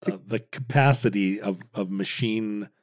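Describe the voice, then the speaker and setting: A man in his fifties co-hosting a casual podcast, explaining at length in halting restarts with wry asides. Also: fairly low pitch. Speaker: podcast co-host.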